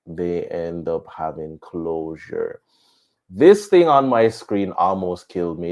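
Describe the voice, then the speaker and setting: Animated man, missionary pilot on a live stream. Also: low-pitched, dull audio. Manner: animated storytelling with laughs.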